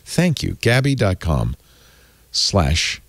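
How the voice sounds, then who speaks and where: A man hosting a tech podcast, chatting casually and reading an ad in a rambling, animated way. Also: deep voice, slow pace, dry recording. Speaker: podcast host. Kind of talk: casual tech podcast chat and live ad read.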